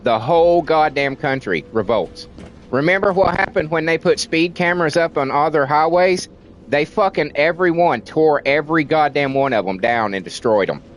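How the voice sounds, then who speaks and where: A man's voice: fairly high pitch, expressive, normal speed. Heated, profane male streamer. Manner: heated, profane, repeats words for emphasis. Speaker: livestreamer. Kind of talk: casual ranting commentary on stream.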